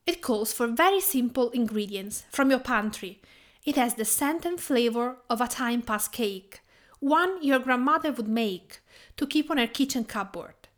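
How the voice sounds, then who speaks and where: A woman from Tuscany with an Italian accent, Italian her first language, hosting a cooking podcast in a measured, carefully read narration. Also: a little high, lively intonation. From Tuscany, Italy. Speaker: podcast host and cooking teacher.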